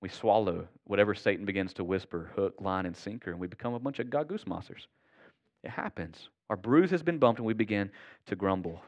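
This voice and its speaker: A man's voice: fairly low pitch, lively intonation, brisk. A man who is a pastor, preaching a sermon in an earnest, conversational way and often checking in with the congregation.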